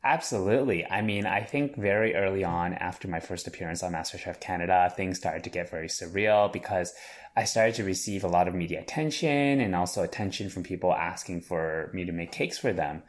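Earnest deep-voiced man in interview. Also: brisk. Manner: earnest, with frequent restarts. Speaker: guest, chef and business owner. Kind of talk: interview answers.

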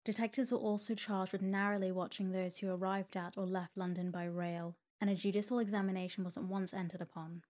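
A woman's voice: medium pitch, a little fast, few pauses. A woman narrating a classic novel as a bedtime sleep story, reading steadily. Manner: steady, even-paced reading.

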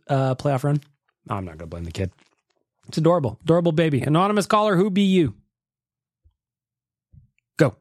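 A joking male podcast host who swears freely and laughs often. His voice bounces all over in pitch. The recording is dry and close. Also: animated, fairly quick, long pauses, dry recording. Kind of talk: casual podcast chat, reacting to voicemails.

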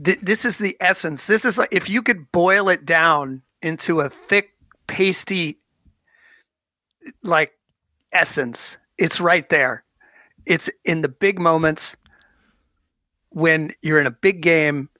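A man's voice: a little high, slow pace, long pauses, no echo. A man co-hosting a casual sports podcast, ranting with lots of restarts and stammers. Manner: animated, ranting, frequent restarts. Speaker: podcast co-host.

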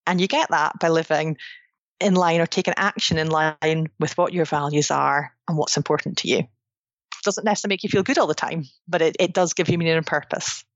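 A woman's voice: sits low, fairly quick, no echo. A woman, a psychologist and author, explaining ideas earnestly in a conversational interview, often restarting her sentences. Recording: dry, dull lo-fi sound.

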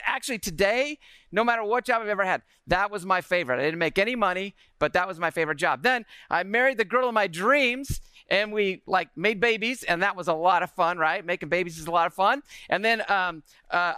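High, bright-voiced man addressing a crowd. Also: clear, resonant tone, dry recording. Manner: energetic, asks the room questions. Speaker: speaker giving a talk. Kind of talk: live talk to an audience.

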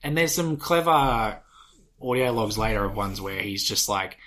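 A man's voice: lowish voice, animated, moderate pace, pushed and bright. A man co-hosting a podcast in casual chat, eagerly explaining and recapping a story with lots of fillers. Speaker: podcast co-host.

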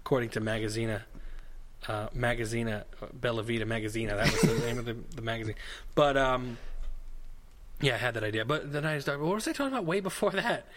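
A man's voice: medium pitch, fast, background noise. A man co-hosting a casual podcast, rambling and digressive with a jokey tone. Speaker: podcast co-host. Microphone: headphones and studio mic.

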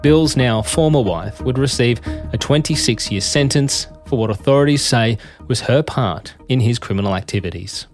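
A man, host of the show, giving measured, matter-of-fact scripted documentary narration. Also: mid-range voice, music in the background.

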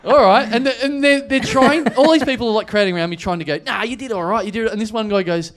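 A man's voice: sits high, fast talker. A man telling a long story as a comedian guest on a live podcast, acting out other people's lines and laughing often. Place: live venue before an audience.

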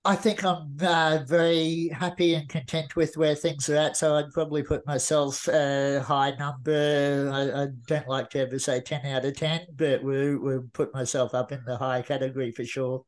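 A man's voice: fairly high pitch, flat delivery, moderate pace, few pauses. A man, a podcast guest talking earnestly and reflectively, often restarting his sentences. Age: 40s. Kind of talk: casual interview talk.

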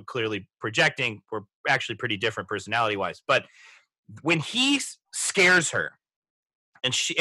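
A man in his thirties hosting a podcast, reflecting in a halting way with many restarts as he talks through a film. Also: medium pitch, bright, forceful tone, no echo. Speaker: podcast host. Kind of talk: casual movie discussion.

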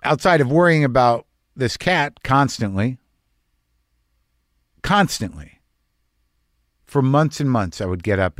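A man's voice: medium pitch, lively intonation, slow pace, long pauses, no room sound. A man telling a personal story in a candid, conversational monologue, emotional and close to tears.

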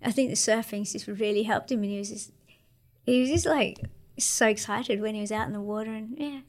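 A woman in her thirties with an Australian accent, chatting casually as an interview guest in a relaxed, slangy way with lots of fillers. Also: mid-range voice, brisk. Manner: laid-back, slangy, many fillers. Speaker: interview guest, para-surfer.

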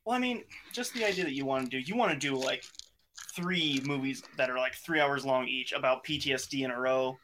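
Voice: mid-range voice, brisk, fairly bright tone, slight background noise. Rambling laid-back podcast host. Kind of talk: casual chat.

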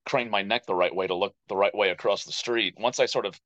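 An American man in his thirties tells stories as a guest in a casual podcast interview. He's an animated storyteller who talks fast and likes to act out other people's quoted voices. His voice sits fairly low, and the recording is dry and a little dull.

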